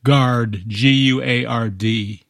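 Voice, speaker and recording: A man acting as puzzle master on a radio show, reading clues in a measured way and spelling words letter by letter. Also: mid-range voice, steady tone, gravelly, no room sound, clean studio sound. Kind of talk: radio quiz hosting.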